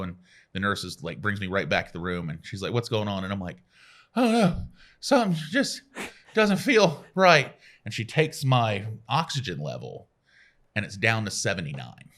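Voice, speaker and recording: A man's voice: lively intonation, fairly quick, sharp tone. Man in his forties telling stories. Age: 40s. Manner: self-deprecating storyteller, acts out quotes with a jump in pitch. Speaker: guest, radio personality. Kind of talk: casual chat.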